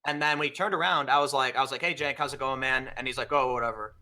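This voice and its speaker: A man with a bright, forceful voice rattles through a story at a quick clip, acting out each exchange as he goes. The talk is loose and conversational. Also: mid-range voice. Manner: fast, animated anecdote-telling with quoted exchanges. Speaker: podcast guest. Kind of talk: casual storytelling chat.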